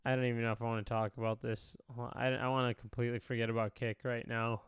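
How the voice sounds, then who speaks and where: A man's voice: mid-range voice, little pitch movement, fast talker, clear, resonant tone, no echo, studio quality. A young man doing casual reaction commentary, talking emotionally, often sighing, swearing and trailing off. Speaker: commentary streamer.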